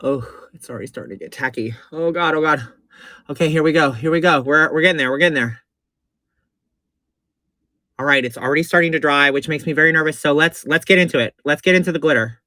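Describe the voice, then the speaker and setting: A man giving a live makeup tutorial in a sassy, excitable way, swooping between chirpy highs and low purring asides and repeating his instructions. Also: fairly quick, no room sound. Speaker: drag performer doing a makeup tutorial.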